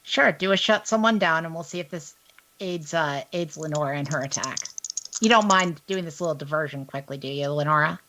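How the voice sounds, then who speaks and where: A woman's voice: low voice, brisk, sharp tone, slight background noise. A woman narrating a tabletop role-playing game as game master, in an easygoing, casual way.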